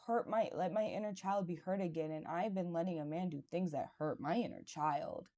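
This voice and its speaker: Female podcast host, low warm voice, candid confessional storyteller, casual and chatty. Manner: casual and conversational, with frequent "like" and "right". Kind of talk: personal reflective monologue.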